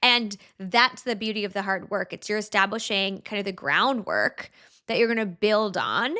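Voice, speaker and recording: Bright-voiced woman, earnest podcast guest. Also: mid-range voice. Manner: earnest, explanatory, often adds "right?" and "like". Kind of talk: casual podcast conversation.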